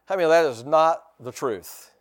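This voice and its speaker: Male pastor, emphatic call-and-response sermon, a touch higher voice than most men, drags out key words. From United States. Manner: emphatic, call-and-response preaching with repeated phrases; slows down to stress key words.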